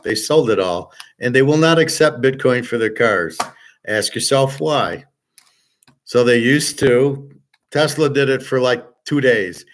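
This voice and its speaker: A man's voice: mid-range voice, measured pace. A man hosting a livestream, ranting and reading chat comments in a profane, sarcastic, combative way. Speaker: host.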